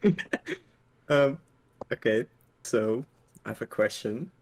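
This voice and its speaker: A man's voice: medium pitch, animated. A man calling in to a casual chat, hesitantly asking a question. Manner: hesitant, halting.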